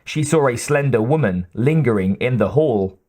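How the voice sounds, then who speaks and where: A man reading an audiobook in a measured, even narration. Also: mid-range voice.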